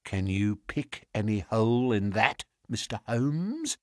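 A man's voice: fairly low pitch, big pitch swings, slow pace, darkish tone, no echo, studio quality. A man doing an unctuous, cruel villain. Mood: mocking. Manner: unctuous, smooth and ingratiating. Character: unctuous, cruel middle-aged male villain.

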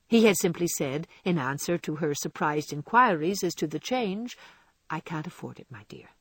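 A woman narrating a classic novel in an expressive storybook reading. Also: fairly low pitch, dry recording. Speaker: audiobook narrator.

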